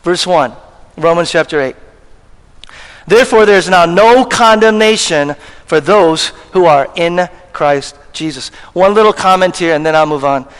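A male pastor with a high voice delivers a sermon in a chatty, emphatic way, firing questions at the congregation. His words ring out with the long reverb of a church hall. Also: a little slow, clear, resonant tone.

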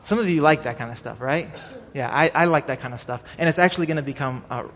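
A man's voice: mid-range voice, quick pace, a bit bright, slight background noise. Man preaching in a reverberant hall. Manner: conversational, checks in with the congregation; has the congregation repeat his main point. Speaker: pastor. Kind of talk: sermon. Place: church.

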